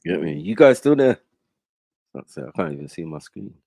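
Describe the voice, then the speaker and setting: A man's voice: medium pitch, big pitch swings, fairly quick, vocal fry, warm tone, dry recording. A man commenting casually on a livestream, slangy and dismissive. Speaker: stream host.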